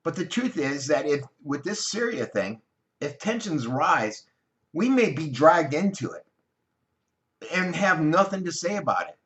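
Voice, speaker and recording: A man's voice: fairly high pitch, big pitch swings, unhurried, fairly bright tone. An American man giving casual, opinionated online news commentary, rambling and correcting himself as he goes.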